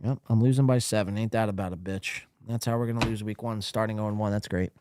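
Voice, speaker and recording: A man's voice: fairly low pitch, fairly even intonation, fast, a little mellow. A man hosting a live stream podcast, ranting casually in a blunt, profane, rambling way.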